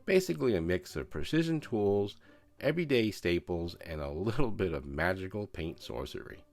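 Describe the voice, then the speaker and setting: A man's voice: low-pitched, lively intonation, normal speed, gravelly, darkish tone. A man narrating a scale model build in a voice-over, with joking, self-mocking banter.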